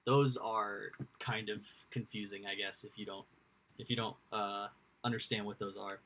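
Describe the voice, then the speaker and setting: A man's voice: on the low side, little pitch movement, moderate pace, sharp tone. A man hosting a livestream, rambling casually to his chat, swearing freely. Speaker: livestream host. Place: indoors at home.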